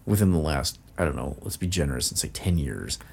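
A man co-hosting a podcast in casual chat, halting and full of fillers, with dry jokes. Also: extremely low pitch, animated, vocal fry, darkish tone, husky. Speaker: podcast co-host.

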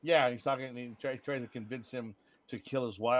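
A man co-hosting a podcast, chatting casually about bad movies and telling stories with lots of swearing and dark jokes. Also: medium pitch, a little fast. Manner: animated storyteller, swears freely, dark jokes. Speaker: podcast co-host. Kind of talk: casual movie-review chat.

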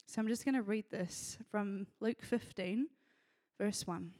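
A woman's voice: medium pitch, measured pace, a little mellow. A woman giving an earnest, emotional sermon to a church, often laughing as she speaks.

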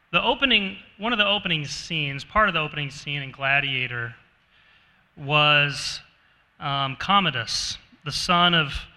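A pastor preaches a conversational sermon at an unhurried pace, putting questions to his listeners. His voice is strikingly bright and a bit high, and it echoes through a reverberant church hall. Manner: conversational, asks the congregation questions.

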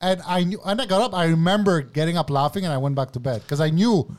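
A man's voice: on the high side, fast. A man hosting a casual podcast chat in a laid-back, teasing way, saying bro. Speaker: podcast host.

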